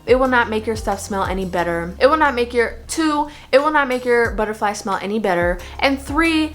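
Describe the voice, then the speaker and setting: A woman's voice: on the high side, a bit bright. A young adult woman giving blunt, emphatic advice in a casual vlog, scolding her viewers and stressing her points. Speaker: vlogger. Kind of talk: casual advice talk to camera.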